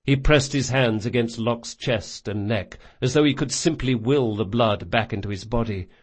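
A man's voice: mid-range voice, normal speed, husky, close to an everyday voice. A man doing a big anguished loyal thief. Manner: raw, shouting then hushed.

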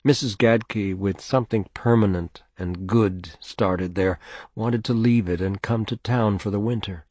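A man reads a novel aloud in a steady, measured way. His voice is low. The recording is dry, with no room sound. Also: dry recording. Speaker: narrator. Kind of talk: audiobook reading of a novel.

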